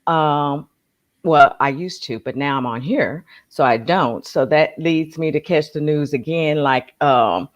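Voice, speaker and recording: A woman co-host in casual chat, relaxed and rambling, with many fillers and restarts. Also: low voice, a little slow.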